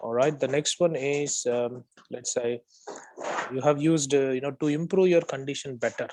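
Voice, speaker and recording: An OET tutor, a man with a steady, medium-pitched voice and a slightly mellow quality, speaks at a moderate pace with no echo. He gives spoken feedback on a student's role play, fixing errors one at a time and repeating the correct phrase. He keeps asking "okay?" to check in.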